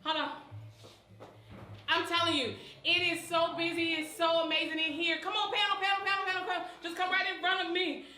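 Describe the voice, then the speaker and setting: Woman, high voice, excited event host, echoey room. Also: a little fast, a little hiss or hum. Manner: excited, greets people, sing-song calls. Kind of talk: lively livestream hosting. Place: busy church event venue.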